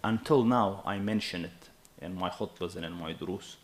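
A man in his thirties preaching a sermon in an animated, emphatic way, often checking with his listeners. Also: sits low, moderate pace. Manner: animated and emphatic, with asides to the audience.

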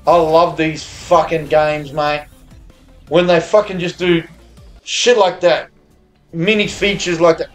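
An Australian man streaming slot games, swearing constantly and cheering loudly at the screen in casual live commentary. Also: fairly high pitch, slow, soft background music. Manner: profane, excitable, cheers at the screen. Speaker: slots streamer.

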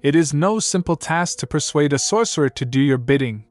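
A man's voice: on the high side, animated, fairly quick, dry recording, faint music behind, natural voice. A man voicing an aloof, smirking young sorcerer who speaks in a dry, polite, slightly mocking way. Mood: wry.

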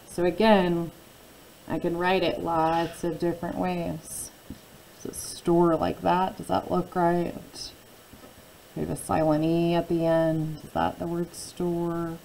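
Female teacher, low gravelly voice, patient phonics lesson for kids. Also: dark tone, slight background noise, rough recording. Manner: patient, drawn-out word modeling. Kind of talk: phonics lesson for young children.

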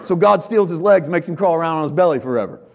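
A man preaching a sermon as a pastor, telling the story playfully and rising to shouts at its peaks. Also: on the high side, expressive, fast talker, gravelly.

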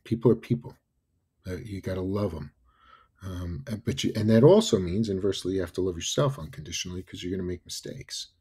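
A man in his fifties from New York, a podcast guest telling animated stories and often adding "right?" and "you know". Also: low voice, brisk, slightly rough. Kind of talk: casual storytelling interview.

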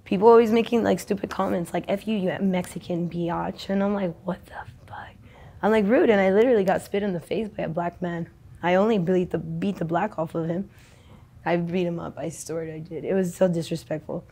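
A woman's voice: lowish voice, fairly even intonation, a little fast, warm tone. A young adult woman in a casual street interview, talking in a rambling, slangy, profane way.

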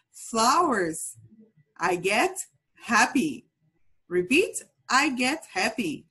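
A woman with a Brazilian Portuguese accent teaches English to small children in a slow, drawn-out sing-song. Her voice is fairly high and slightly husky, swooping up and down as she repeats each phrase. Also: fairly bright tone. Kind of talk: children's language lesson.

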